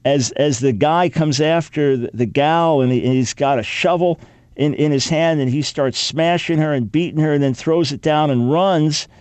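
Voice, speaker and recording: A male radio talk host with a slightly high voice, close on a studio mic in a very dry, dead sound. He talks sarcastically, throwing in mock gasps and stumbling restarts. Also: normal speed, a little mellow, no echo. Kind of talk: radio commentary.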